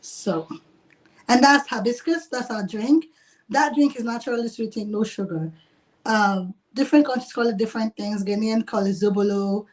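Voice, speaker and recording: A woman's voice: a little high, moderate pace. Woman restaurant owner, casual and giggly, talks on a video call. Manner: chatty, laughs often, uses "like" a lot. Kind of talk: casual interview.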